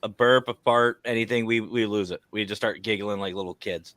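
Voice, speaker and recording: A man's voice: fairly low pitch, fairly quick, no echo. A man telling a comic paranormal investigation story in a casual chat, laughing along. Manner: animated, laughing anecdotes.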